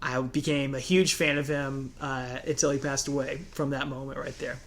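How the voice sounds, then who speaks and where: A man's voice: mid-range voice, little pitch movement, normal speed, fairly bright tone, a little hiss or hum. Man, thirties, casual podcast co-host, mid-range voice, laughs through his stories. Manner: laughs often while telling stories. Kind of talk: casual storytelling chat.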